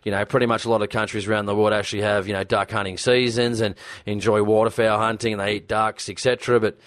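A man hosting a casual talk, chatty and animated, retelling stories. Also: fairly low pitch, fast, no room sound. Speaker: podcast host. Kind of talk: casual conversation.

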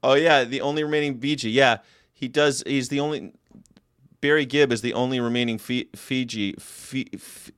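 Brief: man, mid-pitched, casual rambling host, crude and sarcastic, dry close sound. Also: moderate pace, fairly bright tone, clear, resonant tone, no room sound. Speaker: vlog host. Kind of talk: casual daily monologue.

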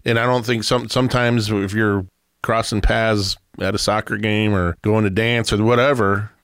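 A man's voice: fairly low pitch, steady tone, normal speed, fairly bright tone, clean tone, no echo, studio quality. A man in his fifties hosting a casual chat, reflecting in a conversational way. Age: 50s.

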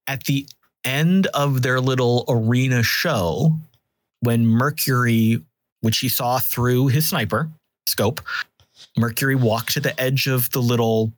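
A man runs a tabletop game, setting scenes in a slow, measured voice of middle pitch. The sound is dry and close, with no room around it. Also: dry recording. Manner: descriptive, measured, with restarts. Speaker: game master.

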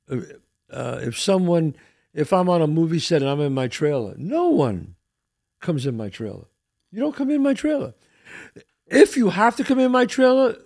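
Casting note: older male podcast host, gravelly and high-ish, lively old-school storyteller. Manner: animated storyteller, repeats words, street-wise. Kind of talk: casual chat.

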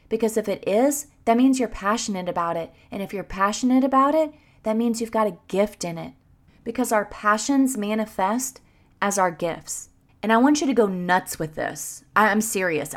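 Excitable woman podcaster, kinda high voice, hyping up teachers to chase their gifts. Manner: enthusiastic, gushing, encouraging. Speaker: podcast host coaching teachers. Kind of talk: motivational podcast talk.

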